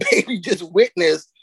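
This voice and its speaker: A woman co-hosting a casual podcast, telling stories loosely with frequent laughter and drawn-out emphasis on key words. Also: mid-range voice, creaky, breathy edge, no echo. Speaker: podcast co-host.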